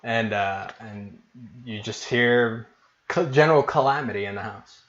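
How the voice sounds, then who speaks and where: A man's voice: on the low side, unhurried, a bit bright, highs cut off. A man narrating as game master of a tabletop game, in a casual, hesitant way with many fillers.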